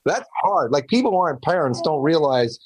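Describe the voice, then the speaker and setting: A man's voice: a little high, brisk, breathy edge. A man co-hosting a parenting talk show, talking about his shy little girl with jokes and self-doubt. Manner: animated, joking, self-doubting.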